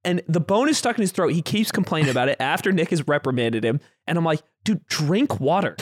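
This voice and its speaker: Young man, high voice, podcast co-host, rambling chat, dry sound. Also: lively intonation, a little fast, no echo. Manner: rambling, laughing, restarts. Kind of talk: casual chat.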